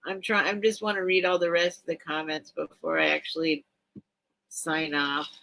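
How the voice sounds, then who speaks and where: A woman's voice: deep voice, level tone, moderate pace, creaky, fairly bright tone, poor audio. A middle-aged woman hosting a late-night live sale stream, chatting casually and emotionally as she reacts to viewer comments.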